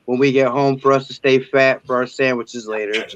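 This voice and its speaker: A man's voice: mid-range voice, steady tone, normal speed, a bit bright, muffled recording, slight background noise. A man joining a casual chat as a guest, joking in a laid-back way.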